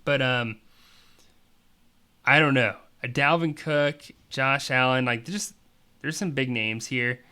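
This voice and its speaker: A man talks through fantasy matchups in a loose, casual host style. His voice is bright and forceful, and his analysis wanders with plenty of fillers and restarts. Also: mid-range voice, slow, pauses often, clean tone. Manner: rambling, chatty, filler-heavy analysis. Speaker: fantasy league podcast host. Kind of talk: casual sports talk commentary.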